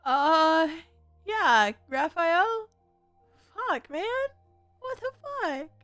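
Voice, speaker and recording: A young woman streaming a game reaction, emotional and expressive, swinging from quiet reading to loud exclamations and swearing. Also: very high voice, drawn-out words, dry recording, soft background music.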